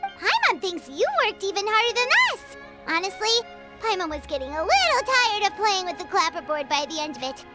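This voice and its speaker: A woman's voice: very high-pitched, very animated, a little fast, music in the background. A woman voicing a chirpy little floating girl companion in a video game who talks about herself in the third person. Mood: chatty.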